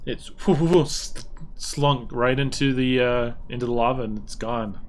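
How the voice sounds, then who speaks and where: A man's voice: medium pitch, steady tone, a little slow. A man narrating as game master, describing scenes loosely and explaining the rules as he goes.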